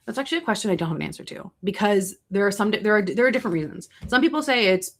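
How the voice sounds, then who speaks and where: A young adult woman hosting a casual livestream, answering viewer questions with chatty, animated storytelling and asides. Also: medium pitch, rapid-fire.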